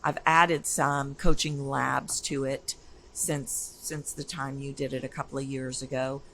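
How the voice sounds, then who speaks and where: Energetic woman voice coach. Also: rumbling low, a little slow, slight background noise, low-quality recording. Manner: energetic, emphatic, animated storytelling. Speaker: voice coach guest. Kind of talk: casual interview talk.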